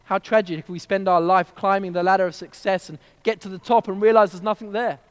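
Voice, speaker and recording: High-voiced preacher in an echoing hall. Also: male voice, steady tone, fast, clean tone. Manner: earnest storyteller, gentle and direct with the congregation. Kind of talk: sermon at a child dedication service.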